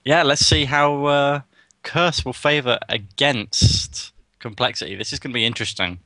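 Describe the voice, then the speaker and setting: A man calling esports play-by-play with energy, yelping at the highlights. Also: normal speed, pushed and bright, dry recording. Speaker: esports co-caster.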